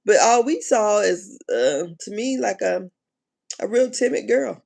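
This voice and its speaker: Gravelly-voiced woman in animated live-stream chat. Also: medium pitch, a little slow. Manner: animated, laughing, slangy and exclaiming. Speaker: reality TV commentator.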